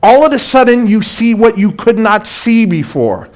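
A male preacher with a high voice delivers a sermon. He is emphatic, rising to loud exclamations and then dropping to hushed, slow lines. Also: expressive.

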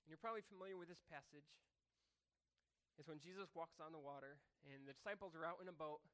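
A man giving a relaxed sermon whose voice sits a little higher than most men's. He talks the way he would to friends, circling back to fix his own wording and easing into scripture readings. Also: fast, clear, resonant tone. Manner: conversational, self-correcting, chuckles at himself. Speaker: pastor.

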